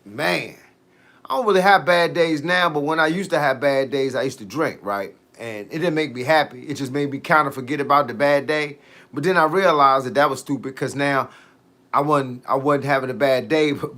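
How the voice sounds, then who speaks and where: His mid-range voice is bright and forceful as this middle-aged man hangs out on a fitness livestream. He responds to viewer comments in relaxed slang, often trailing off into lengthy side stories.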